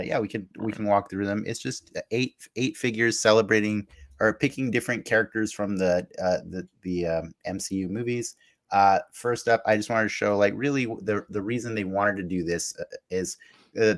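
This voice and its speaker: A man co-hosting a casual podcast chat, talking in an animated way with frequent fillers. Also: fairly low pitch. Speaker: podcast co-host.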